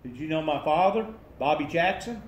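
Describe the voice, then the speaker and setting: A man's voice: on the high side, expressive, normal speed. A man, asking questions in a casual chat and arguing his points with rising energy. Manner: talkative, opinionated, speeds up when arguing. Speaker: interviewer asking about local history. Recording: roomy room with faint noise.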